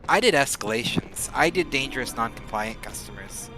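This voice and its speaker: A man chatting casually while streaming a game, rambling and often speeding up into rapid talk. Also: medium pitch, over music. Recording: steady background noise.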